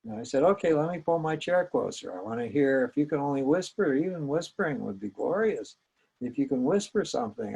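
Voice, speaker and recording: Older male storyteller: gravelly, slightly husky, reflective and gentle. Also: medium pitch, lively intonation, brisk, poor audio. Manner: reflective, gentle, with small hesitations. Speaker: psychologist recounting his training. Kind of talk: personal storytelling.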